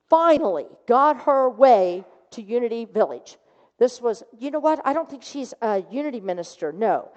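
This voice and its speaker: A female minister with a high, darkish voice tells a story during her sermon, acting out the people in it. It was recorded in a church sanctuary, sounding dull and carrying long hall reverb.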